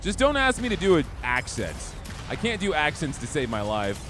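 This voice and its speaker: Over music, a young man streams a game and chats with his viewers in an easygoing, casual way. His voice is on the high side with wildly swooping pitch, and he talks to chat at a moderate pace.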